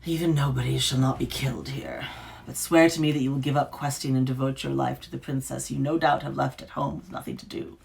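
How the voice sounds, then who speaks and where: Storybook reading: woman playing a gravelly, toneless witch of the woods, quiet and severe. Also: rumbling low, brisk, full character voice. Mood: stern. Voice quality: rasping, gravelly. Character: stern wild woman, forest witch, gruff and cold.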